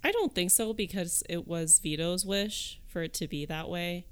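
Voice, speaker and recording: A woman co-hosting a casual film discussion podcast, talking in a thoughtful, measured way. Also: lowish voice, clear, resonant tone.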